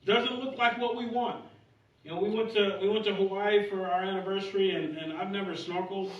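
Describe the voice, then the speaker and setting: A man preaching a sermon in a church, telling stories in an animated, humorous way. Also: high-pitched, fairly quick. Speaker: pastor. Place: church sanctuary. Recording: echoey church room, distant mic, dull sound.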